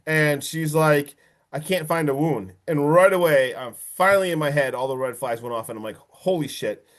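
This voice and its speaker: A podcast host with a slightly high voice recaps a horror film's plot casually, getting worked up and swearing freely. He's excitable and acts out quotes from the film with quick impressions of the characters.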